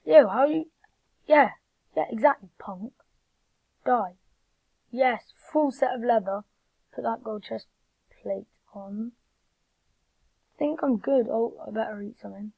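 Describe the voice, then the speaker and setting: An excitable woman narrates her own gameplay, speaking straight to her viewers at an unhurried pace. Her voice is gravelly with plenty of fry. The recording is dry and dull, like a cheap lo-fi mic. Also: fairly high pitch, dry recording. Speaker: gamer. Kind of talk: live gameplay commentary.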